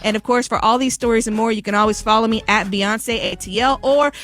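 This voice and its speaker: A woman presenting a tech segment on a radio show, clear and instructive. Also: on the high side, brisk, fairly bright tone. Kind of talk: news-style tech tip.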